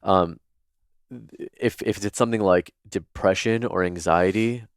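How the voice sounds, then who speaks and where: Deep, smooth-voiced male guest. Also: measured pace, no echo, clean studio sound. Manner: chatty, filler-heavy, earnest. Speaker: podcast guest. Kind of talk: casual storytelling in interview.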